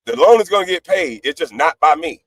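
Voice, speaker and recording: Brash high-voiced man ranting into a dry mic. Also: animated, a little fast, no room sound, low-quality recording. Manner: brash, profane, swings between loud outbursts and low laughing asides. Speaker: panelist on a live stream. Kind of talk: heated livestream rant.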